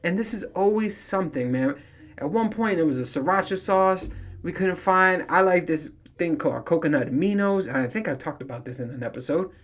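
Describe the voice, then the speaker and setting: A man's voice: sits high, brisk. Profane rambling man ranting on a podcast. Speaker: podcast host. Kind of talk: casual solo podcast rant.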